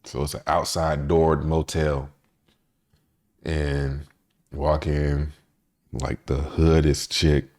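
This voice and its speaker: A man hosting a podcast, telling a story in a relaxed, profane way and often laughing as he talks. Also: very deep voice, takes it slowly, long pauses. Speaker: podcast host. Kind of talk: casual storytelling monologue.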